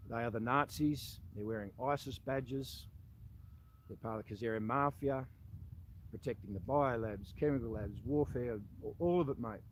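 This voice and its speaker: A man's voice: medium pitch, moderate pace, a little hiss or hum, low-quality recording. A man with an Australian accent, a former army soldier, making a direct-to-camera appeal that confronts the listener and keeps calling him "mate".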